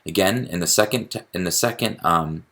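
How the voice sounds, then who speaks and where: A man with a deep, sharp-toned voice speaks fairly quickly while teaching a recorded poetry lesson. He explains step by step, frequently restarting his sentences and leaning on fillers.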